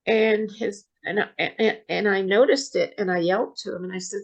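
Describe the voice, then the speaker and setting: Woman guest telling a story, gravelly voice, soft and halting, lots of restarts. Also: mid-range voice, steady tone, low-quality recording. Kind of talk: casual storytelling interview.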